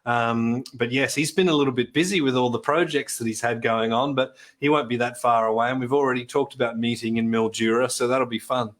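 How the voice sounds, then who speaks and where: A man, a podcast guest and depreciation expert, telling self-deprecating stories and explaining plainly in a relaxed interview. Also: medium pitch, a little fast, hardly any pauses. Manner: chatty, self-deprecating storyteller. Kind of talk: conversational interview, anecdotes and explanations.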